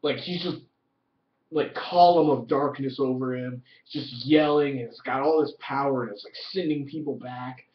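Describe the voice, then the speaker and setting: Excitable cursing man, distant and roomy. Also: medium pitch, moderate pace. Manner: excited, profane, heavy use of "like". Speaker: TV episode reviewer. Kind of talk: casual spoken review. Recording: roomy, distant, dull lo-fi audio.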